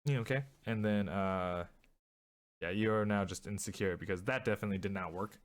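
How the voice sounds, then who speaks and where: Low-voiced man running a tabletop game. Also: fairly quick. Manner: hesitant, many fillers and restarts. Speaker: game master.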